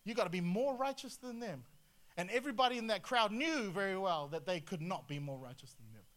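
A male pastor preaching a sermon in an animated way, full of rhetorical questions and swings between loud and quiet. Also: high-pitched, a little fast.

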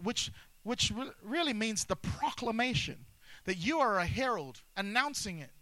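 A man's voice: high-pitched, a bit bright, no room sound, rough recording. A man preaching a sermon as pastor, emphatic, repeating key phrases and mixing humor with intensity.

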